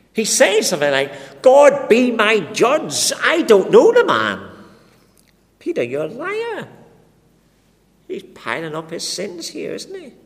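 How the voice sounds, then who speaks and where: A man preaching an expository sermon, dramatic and full of rhetorical questions put to his listeners. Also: high-pitched. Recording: long reverb of a large hall.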